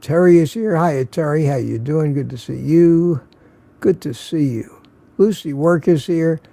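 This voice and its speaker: An older man, tired and slurring a little, hosts a casual live stream and greets his viewers one by one. His voice is gravelly and mellow, pitched a touch high for a man, and he chuckles often between names. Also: normal speed, no room sound. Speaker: livestream host.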